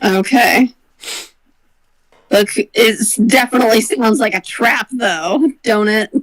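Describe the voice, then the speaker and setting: A woman's voice: a little high, slow. A woman playing in a tabletop game, talking casually and bluntly. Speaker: player.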